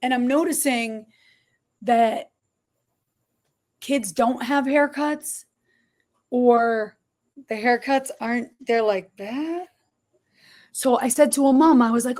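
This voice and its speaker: A middle-aged woman, a podcast guest telling her story in an animated, expressive way. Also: a little high, slow pace, long pauses. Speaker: podcast guest, barber shop owner. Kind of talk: storytelling interview.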